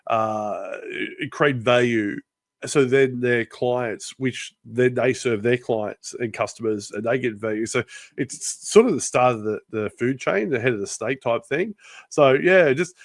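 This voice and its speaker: A man's voice: medium pitch, dry recording. A man hosting a business podcast in casual, rambling chat. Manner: rambling, restarts often. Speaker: podcast host.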